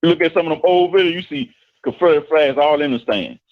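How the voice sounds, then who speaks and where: A man's voice: on the high side, quick pace, muffled recording. A man calling in to a live show as a coach, teasing the host and then explaining his point at length. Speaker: caller, football coach. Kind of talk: casual call-in chat.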